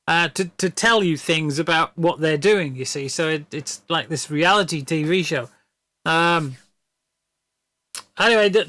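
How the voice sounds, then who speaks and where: A man chatting on a stream, rambling and repeating his words as he laughs his way through a story. His voice is bright and sits a little high. The sound is close and dry. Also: no room sound. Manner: rambling, stammering storyteller who laughs often. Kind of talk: casual chat.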